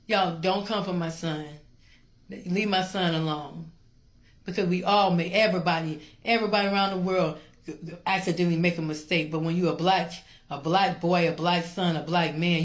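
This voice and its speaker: A woman's voice: on the low side, no room sound. A middle-aged woman gives an emotional rant to camera as a social media poster, talking in an emphatic, repetitive, confrontational way.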